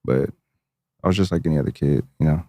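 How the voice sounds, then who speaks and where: A man's voice: extremely low pitch, fast talker, dark tone, dry recording. A young man from Virginia, a music producer guest, talking in a laid-back, slangy way and laughing often. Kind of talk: casual interview chat.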